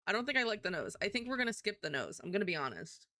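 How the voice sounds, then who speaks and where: A woman's voice: medium pitch, big pitch swings, rapid-fire, bright, forceful tone, no echo, studio quality. A woman streamer chatting casually and thinking aloud while she draws. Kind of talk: casual live-stream chat while drawing.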